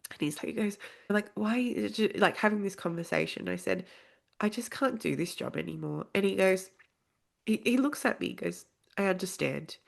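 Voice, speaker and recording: A woman's voice: medium pitch, moderate pace, gravelly. A woman guest on a podcast, telling a personal story in a casual way and acting out the other people's lines as she goes. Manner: animated, acts out quoted dialogue.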